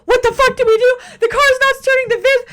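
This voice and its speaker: A woman's voice: little pitch movement, fairly quick, a bit bright. A woman doing a frantic panicking guy. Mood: panicked. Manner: frantic, high-pitched. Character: panicking young man stuck with broken van.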